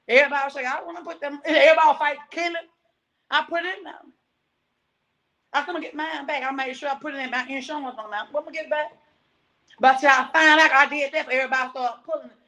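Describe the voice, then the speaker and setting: A woman talking in a rambling, preachy monologue that jumps between topics and grows loud and agitated as she tells her story. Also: high voice, fairly quick, low-quality recording.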